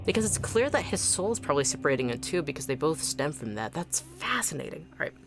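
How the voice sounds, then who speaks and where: A woman's voice: deep voice, sing-song, fast, over music. A woman streamer giving casual, chatty commentary on a game, with many fillers.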